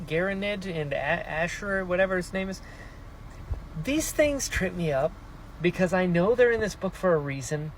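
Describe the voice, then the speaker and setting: A man excitedly talking through his reactions to a fantasy novel in a casual vlog, jumping into quick put-on voices for characters. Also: sits high, slight background noise, poor audio. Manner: excitable, animated, mock-voicing characters. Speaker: book vlogger.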